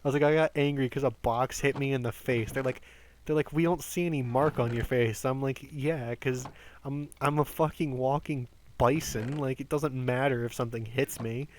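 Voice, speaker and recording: A man in his twenties telling rambling work stories on a game stream, animated, swearing often and stumbling over restarts. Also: medium pitch, normal speed, a little hiss or hum. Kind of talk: casual storytelling while gaming.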